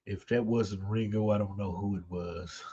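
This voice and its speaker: A man's voice: on the low side, steady tone, moderate pace, mellow, muffled recording, slight background noise. A man co-hosting a radio show, laid-back and wry, laughing easily in casual on-air chat. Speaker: radio co-host.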